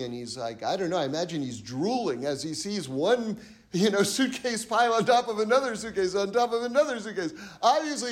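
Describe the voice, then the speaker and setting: High-voiced man giving a Torah talk. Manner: earnest, repeats points for emphasis, tells parables. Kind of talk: sermon-style Torah talk.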